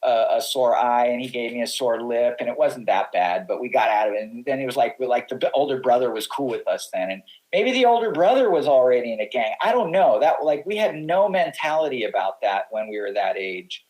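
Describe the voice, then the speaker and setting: A middle-aged pro surfer on a podcast spins long casual stories, restarting often and acting out quotes, talking fairly quickly with hardly any pauses. His mid-range voice is darkish with lively intonation, and the audio is poor.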